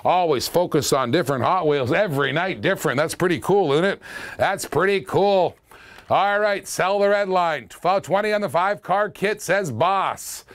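Guy running a live online auction, kinda high voice, rattling off bids and catchphrases, chuckles a lot. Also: moderate pace, a bit bright. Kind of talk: live-stream auction calling.

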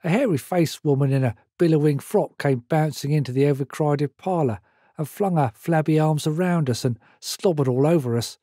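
An older man reading his own memoir aloud in a measured storytelling manner. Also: on the high side, dark tone, no echo, studio quality. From Britain. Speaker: memoir author.

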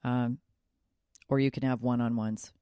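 A woman's voice: rumbling low, fairly even intonation, a little slow, mellow, clear, resonant tone, no room sound, studio quality. A woman hosting her own podcast as a life coach, talking in an earnest, upbeat and self-revealing way. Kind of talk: solo podcast monologue.

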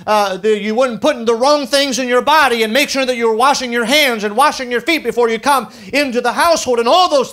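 Male pastor, church sermon, loud emphatic climaxes and hushed drops, reads King James scripture. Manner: preaching with big swings from loud emphatic peaks to low quiet drops; reads scripture aloud in King James wording, drawing out key words. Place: church sanctuary.

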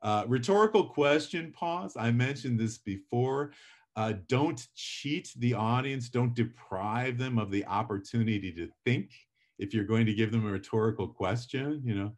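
A man's voice: mid-range voice, moderate pace, a little mellow. A middle-aged man teaching public speaking in a live lecture, chatty and self-deprecating, acting out his examples with drama.

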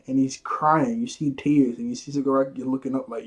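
A man's voice: mid-range voice, fairly even intonation, a little fast, hardly any pauses, breathy edge. A man casually reviewing a manga chapter, rambling and restarting his sentences, with chuckles along the way.

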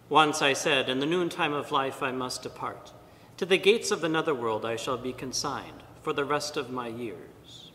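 Bright-voiced priest in a reverberant church. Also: male voice. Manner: measured, deliberate reading with pauses. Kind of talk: liturgical reading and homily. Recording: long church reverb, faint rumble.

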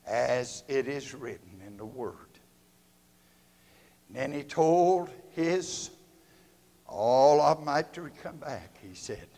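Fervent Southern pastor in echoing church. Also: male voice, mid-range voice, animated, slow pace, pauses often. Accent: Southern American. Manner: fervent preaching with sudden swells and drops in loudness. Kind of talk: sermon and prayer. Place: church sanctuary. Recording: long reverb of a church hall.

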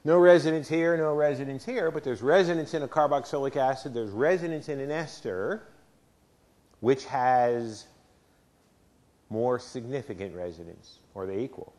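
A man's voice: mid-range voice, moderate pace, a little mellow. A man who is a university chemistry professor, giving a lecture and asking his class questions in a conversational way. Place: lecture hall.

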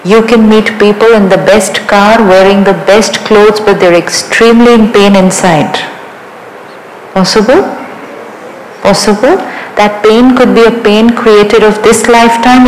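A woman's voice: medium pitch, steady tone, measured pace, slight background noise. A woman with an Indian accent gives a spiritual talk to a live audience in a large hall. She keeps asking the crowd questions and acts out short everyday dialogues. Her voice carries a roomy echo, with faint room sound behind it. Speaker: spiritual teacher.

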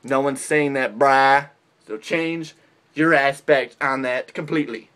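A man's voice: medium pitch, unhurried, a bit bright. A young man ranting bluntly and profanely in a comedic vlog, mocking other people with put-on impressions. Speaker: vlogger giving dating advice.

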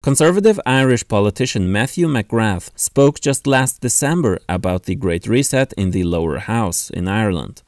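A man's voice: fairly low pitch, expressive, normal speed, hardly any pauses, dry recording. A man narrating a scripted video essay with a pointed, sardonic delivery.

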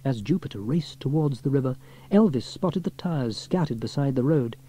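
Man, storybook narrator, expressive reading, warm dark tone, animated. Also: mid-range voice, normal speed, breathy edge.

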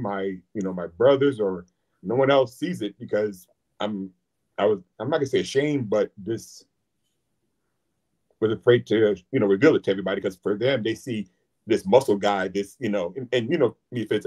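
A man's voice: fairly low pitch, darkish tone. Earnest rambling man in his forties. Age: 40s. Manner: earnest, rambling, full of fillers. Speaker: guest. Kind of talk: candid personal talk.

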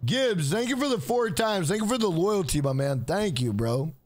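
A man streaming a video game live, swearing freely and loudly hyping up his donors. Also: high-pitched, expressive, moderate pace, dry recording. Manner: profane, hyped, shouts out donors. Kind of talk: live gameplay stream chat.

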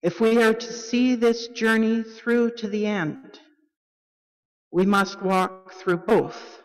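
A woman leading a church worship service, reading liturgy in a measured, solemn way. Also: mid-range voice, flat delivery. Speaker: worship leader. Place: church sanctuary. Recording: long reverb of a church hall.

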